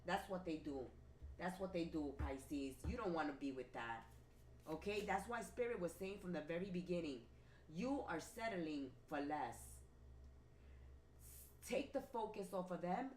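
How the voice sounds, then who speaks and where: A woman's voice: on the low side, animated, a little slow, darkish tone. A woman reading tarot for her viewers, talking emphatically and repeating herself like a preacher. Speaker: tarot reader. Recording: roomy with faint ambient noise.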